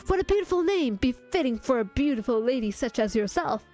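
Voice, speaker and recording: A lovestruck suitor, as a woman puts him on, pours out slow, flowery, archaic compliments. The voice sits a little high and drawn out. Faint music plays underneath. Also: lively intonation, a little mellow. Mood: gushing. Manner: archaic, over-the-top courtly phrasing. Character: lovestruck young admirer, theatrical and courtly.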